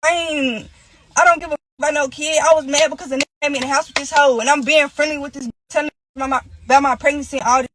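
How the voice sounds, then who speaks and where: Clip voice: high-pitched woman, rapid, angry and profane. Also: steady tone, background noise. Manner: heated, profane, rapid-fire. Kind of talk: ranting clip.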